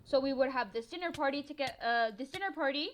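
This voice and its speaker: A teenage girl from northern Mexico, chatty and excitable, telling a story as a gaming voiceover, swearing freely and laughing often. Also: sits high, fast talker, a little hiss or hum. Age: teens. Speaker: gaming vlogger.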